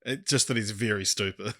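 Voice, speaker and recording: Man, casual podcast chat, rambling and hesitant, bright voice. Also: on the low side, normal speed. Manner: rambling, hesitant, laughs often. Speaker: podcast co-host.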